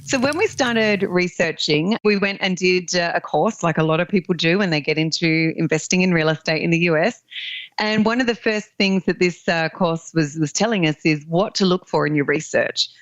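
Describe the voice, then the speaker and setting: A friendly, outgoing Australian woman with a fairly low voice speaks as a podcast guest. Her audio is dull and slightly lo-fi in a dry space with no room sound. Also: moderate pace, no room sound. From country Australia. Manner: friendly, outgoing, laughs often. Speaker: guest, land investor. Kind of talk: podcast interview.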